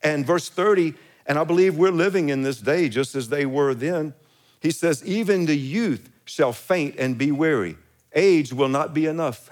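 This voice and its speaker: Preaching man, slightly high voice. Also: a little slow, darkish tone. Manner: preaching with scripture readings, rising emphasis on key lines; chuckles between phrases, asks congregation to repeat lines. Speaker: pastor. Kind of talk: sermon.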